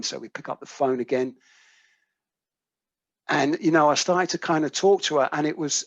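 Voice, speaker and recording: A man's voice: mid-range voice, no room sound. A British man tells a personal story at a recovery workshop, acting out each voice in the dialogue and dropping the odd swear. The sound is dry and dull, like lo-fi audio from a video call. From United Kingdom. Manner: vivid storyteller who acts out quoted dialogue, swears casually. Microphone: video call microphone.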